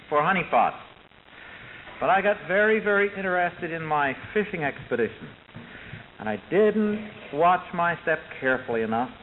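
Lively, high-voiced man preaching to children. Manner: animated, emphatic, repeats words for stress. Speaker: Sunday school preacher. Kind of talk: children's sermon storytelling. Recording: tinny, hissy recording with long reverb.

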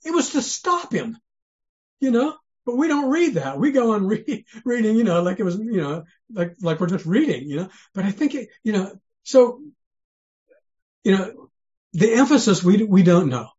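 A man's voice: high voice, a little mellow. A man preaching a sermon in an earnest, conversational way. He asks many rhetorical questions and often restarts his sentences. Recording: dull lo-fi sermon recording.

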